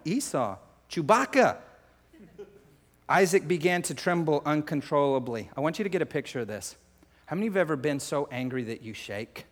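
A man preaching a sermon, animated and acting out scenes from scripture as he reads them. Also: mid-range voice. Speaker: pastor. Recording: long hall reverb.

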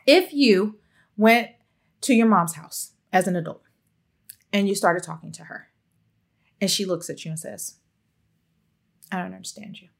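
A woman's voice: medium pitch, a little slow, pauses often. A woman giving child-speech advice to parents in a solo monologue, talking emphatically and affectionately straight to her listeners. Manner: expressive, emphatic, affectionate direct address.

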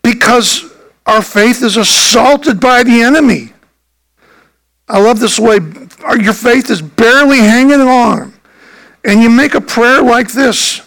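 A man, a pastor, preaching a sermon earnestly and emphatically, with a gravelly voice. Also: very high voice, unhurried, fairly bright tone, low-quality recording.

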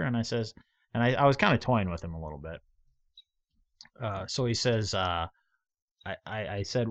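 A man in casual conversation, slightly low-voiced, who tells stories with gusto and plays out both sides of the phone calls he describes. The recording is muffled and lo-fi. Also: normal speed, long pauses. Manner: animated storyteller, acts out both sides of calls. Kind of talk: casual storytelling chat.

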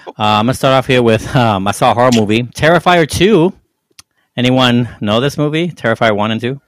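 A man's voice: mid-range voice, lively intonation, fairly quick, no echo. A man co-hosting a casual movie review chat, rambling with many restarts. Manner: rambling, frequent restarts and fillers. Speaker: podcast co-host.

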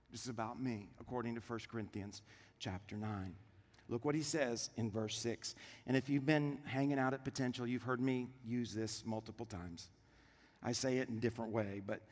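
A pastor preaches in a bright, high voice, firing questions at the congregation and answering them himself with emphasis. His words ring with the long reverb of a large church hall. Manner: emphatic call-and-response preaching. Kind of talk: sermon.

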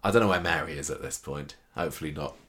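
A man co-hosting a podcast, chatting casually and retelling soap scenes with quick impressions of the characters. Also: a bass voice, fairly bright tone. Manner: chatty, jokey, recounts scenes in quoted voices. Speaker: podcast co-host. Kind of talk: casual chat recapping a soap.

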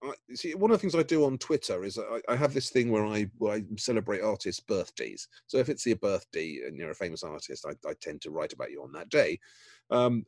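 A man's voice: fairly low pitch, dry recording. A man, co-hosting a podcast and talking eagerly about art, often repeating words as he gets carried away. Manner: enthusiastic, repeats words when excited. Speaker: podcast co-host. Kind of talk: casual chat about art.

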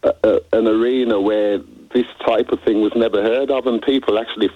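A man, a musician, talking in a relaxed and rambling way in a radio interview, with lots of "you know". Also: on the low side, a little fast, no room sound, phone-quality sound. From England. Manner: laid-back, rambling with many "you know"s. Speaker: musician guest.

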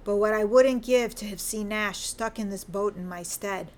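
A woman voicing a gruff, grumbling Scottish man adrift in a story, with a Scottish accent and self-mocking mutter. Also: medium pitch, moderate pace, darkish tone, lightly acted. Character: gruff Scottish male sea detective, grumbling. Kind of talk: audiobook character reading.

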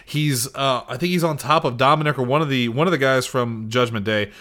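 A man's voice: mid-range voice, brisk, bright, forceful tone. A young man co-hosting a casual podcast, blunt and sweary, given to mock-angry rants. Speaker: podcast co-host. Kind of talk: casual wrestling chat.

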